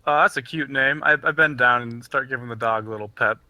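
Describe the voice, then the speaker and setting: Young guy playing a role-play game, super bright voice, dead dry mic. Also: medium pitch, fast, no room sound. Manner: playful, giggly. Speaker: player. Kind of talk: casual tabletop role-play.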